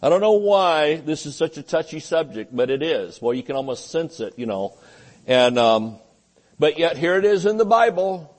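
A man's voice: a little high, very animated, moderate pace. A male pastor, preaching a sermon in a folksy, joking way and often saying amen.

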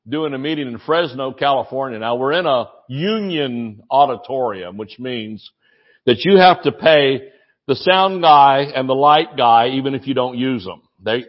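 Male evangelist, excitable sermon delivery, yelling bursts and chatty anecdotes, slightly dull lo-fi recording. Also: medium pitch. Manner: excitable, yells when preaching. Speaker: preacher. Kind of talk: sermon with humorous stories.

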